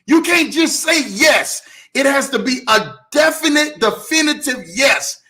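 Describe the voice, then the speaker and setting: Man host with a high, bright voice, giving a preachy motivational faith talk that repeats lines and shouts often. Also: expressive, unhurried.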